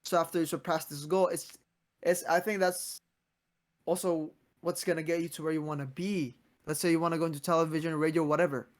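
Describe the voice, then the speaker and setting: A young man in his twenties with a somewhat high-pitched voice hosts a relaxed podcast chat. He talks in an earnest, motivational way, tripping over and restarting his sentences as he goes. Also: fairly quick. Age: 20s. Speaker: podcast host.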